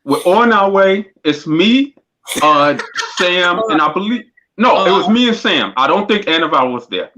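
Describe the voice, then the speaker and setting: A man in a casual group chat, an animated storyteller who acts out the quotes. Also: high voice, moderate pace, crowd noise. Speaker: podcast crew member. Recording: lo-fi dull sound.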